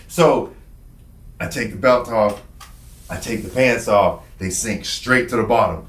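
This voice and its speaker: A man's voice: on the low side, a little slow, echoey room, a little hiss or hum. Profane man telling a wild story. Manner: animated, profane, vivid storytelling. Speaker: podcast guest telling his story. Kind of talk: casual storytelling.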